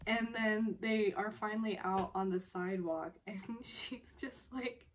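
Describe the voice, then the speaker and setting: A woman's voice: medium pitch, a little slow, a little hiss or hum. A woman casually recapping a TV drama episode, rambling and laughing often as she talks.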